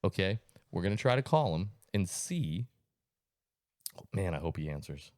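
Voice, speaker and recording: A man in his thirties hosting a podcast, telling stories in a casual, animated, swearing style and acting out voices. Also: low voice, normal speed, dry recording, clean studio sound. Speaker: podcast host. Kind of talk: casual chat, storytelling.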